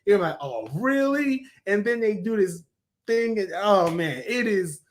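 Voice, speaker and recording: A man's voice: sits high, a little slow. A man giving a casual, rambling review of a cartoon, enthusiastic and full of ums and restarts.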